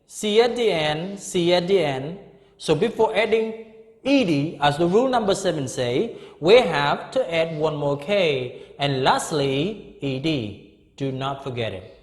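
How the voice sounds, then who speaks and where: A man's voice: fairly high pitch, lively intonation, a little slow, echoey room, in a large hall. A middle-aged man teaching an English grammar lesson, repeating each word and often checking with "okay?".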